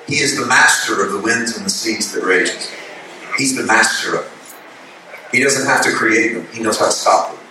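A man's voice: fairly low pitch, normal speed, background noise. Man preaching in an echoey church. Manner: builds from calm teaching to shouted passionate preaching. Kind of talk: sermon. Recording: echoey hall from a distance.

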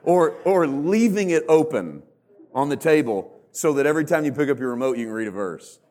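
A man's voice: a little high, expressive, brisk, a little mellow. A man preaching a sermon as pastor in a church, joking and mocking himself while acting out churchgoers. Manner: humorous, self-mocking, acts out church members in put-on voices.

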